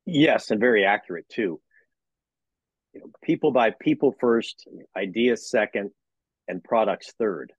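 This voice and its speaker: A man who teaches sports management talks as an interview guest, acting out conversations with his students. His voice is husky and a bit breathy. The sound is dry and somewhat muffled. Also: fairly low pitch, unhurried, pauses often, no room sound. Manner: animated storyteller who acts out dialogues with students. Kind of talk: casual interview talk.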